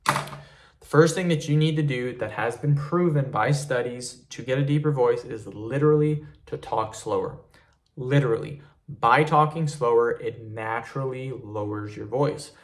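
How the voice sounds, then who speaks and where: A man's voice: medium pitch, moderate pace. Man casually giving voice tips. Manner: easygoing, repeats words like "literally" and "really". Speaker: online creator giving tips. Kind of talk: casual talking-head tutorial.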